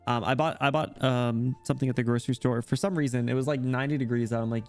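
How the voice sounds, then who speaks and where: A man's voice: mid-range voice, steady tone, fast, few pauses, a little mellow, faint music behind. A man streaming and chatting casually with his viewers, rambling and poking fun at himself. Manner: rambling, self-deprecating, joking.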